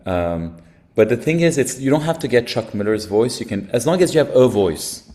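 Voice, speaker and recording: A man's voice: medium pitch, animated, moderate pace, dark tone. A man co-hosting an online workshop, upbeat and jokey as he guides participants from a computer mic. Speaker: workshop co-host.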